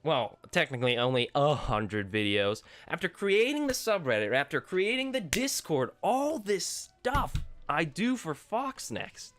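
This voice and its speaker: A man's voice: fairly high pitch, very animated, unhurried, hardly any pauses, a bit bright, faint music behind. A teenage boy ranting as a gaming YouTuber, exasperated and sarcastic, rambling with restarts. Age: teens. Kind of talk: ranting vlog commentary.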